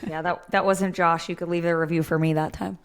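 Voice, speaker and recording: A woman's voice: lowish voice, little pitch movement, fairly quick, clean tone. A woman in her thirties co-hosting a fitness podcast, giving candid opinions while thinking aloud with lots of fillers. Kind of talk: casual opinionated chat.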